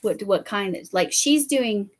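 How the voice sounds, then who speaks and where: A woman chatting on a live stream in a loose, rambling way, with plenty of fillers and restarts. Her voice sits in an ordinary middle pitch. Faint background noise sits under the recording. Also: lively intonation, a little slow. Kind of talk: casual live-stream chat.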